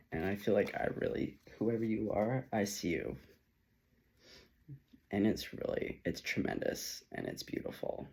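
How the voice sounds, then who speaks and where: A man giving a solo spiritual reading, emotional and tearful, talking in halting phrases with sighs and soft trailing words. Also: fairly low pitch, lively intonation, creaky, a little hiss or hum. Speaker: spiritual channeler.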